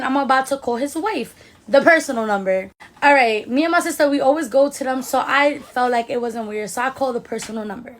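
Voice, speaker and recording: A woman's voice: high-pitched, brisk. A woman in her twenties telling a casual, slangy storytime to her viewers, acting out the people she quotes. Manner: animated, slangy, quotes people in raised voices. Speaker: beauty vlogger.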